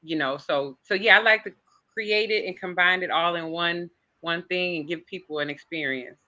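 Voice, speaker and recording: A woman in her forties from Chicago with a Southern US accent, talking warmly about her cooking and laughing easily. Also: lowish voice, moderate pace, muffled recording. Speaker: vegan chef and caterer. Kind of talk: casual interview chat.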